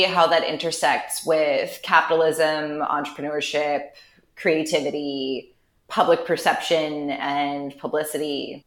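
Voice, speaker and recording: A woman's voice: low-pitched, fairly bright tone. A woman guest on a podcast, telling candid stories in a dry, wry, blunt way, breaking into laughs. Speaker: interview guest. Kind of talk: candid conversational storytelling. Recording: roomy echo on the voice.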